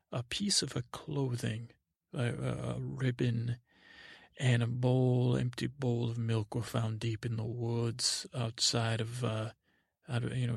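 A man improvising a rambling comic bedtime story, stammering and deadpan. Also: medium pitch, vocal fry, slightly rough, dry recording, studio quality. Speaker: podcast storyteller.

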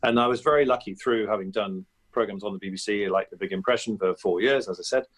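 Chatty mid-fifties man, lowish voice. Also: fast, a bit bright. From England. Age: 50s. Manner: chatty and anecdotal, with many fillers and restarts. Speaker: guest comedian and impressionist. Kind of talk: reflective interview talk.

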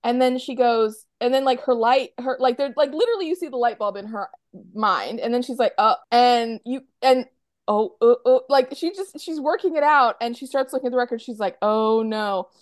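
Chatty woman, bright voice. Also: a little high, brisk, no room sound, studio quality. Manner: chatty, lots of fillers, acts out quotes. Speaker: podcast co-host. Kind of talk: casual chat recapping a TV episode.

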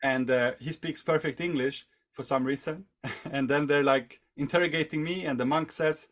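A man's voice: on the high side, fairly even intonation, moderate pace, fairly bright tone. A man telling a long story in casual conversation, rambling and leaning on fillers. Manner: rambling, heavy on fillers like "like" and "you know". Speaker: podcast guest.

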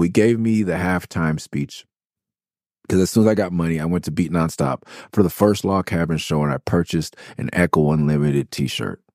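Deep-voiced and dark in tone, with vocal fry, a Los Angeles podcast host wanders through profanity-laced recollections of his early music career, correcting himself often. The studio-quality recording has no room sound.

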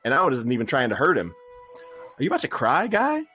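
A man playing a blustering, loud male restaurant boss in a comedic scene reading, bullying and rhyming taunts at a waiter. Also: mid-range voice, wildly swooping pitch, fairly quick, faint music behind.

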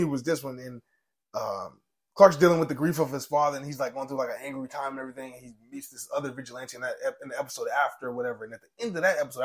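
Fast-talking husky young man. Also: medium pitch. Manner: animated, swears freely, retells TV scenes with feeling. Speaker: podcast co-host. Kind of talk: casual chat.

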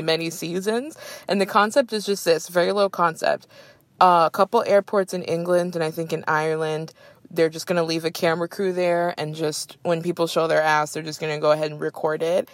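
A woman's voice: lowish voice, fairly even intonation, fairly quick, no room sound. A young adult woman hosting a podcast in a casual, chatty way, laughing often and saying "like" a lot. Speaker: podcast host. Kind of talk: casual chat.

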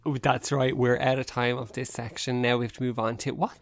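A man's voice: medium pitch, flat delivery, a little fast, creaky, few pauses, soft background music. A man co-hosting a casual podcast, reading news aloud and breaking off into jokey asides. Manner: reads aloud with asides and laughter. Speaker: podcast co-host.

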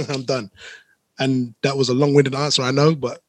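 A man's voice: medium pitch, level tone, moderate pace, dry recording. A man, a guest DJ, telling rambling stories in a laid-back podcast chat. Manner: rambling, laid-back storytelling with London slang.

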